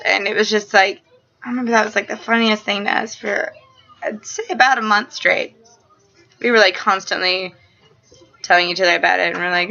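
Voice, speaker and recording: A young woman and mother chatting casually in a home vlog. She fills her talk with fillers, jumps between topics and gets giggly and excitable. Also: medium pitch, moderate pace. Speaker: vlogger and mother. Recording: slightly dull home-video sound.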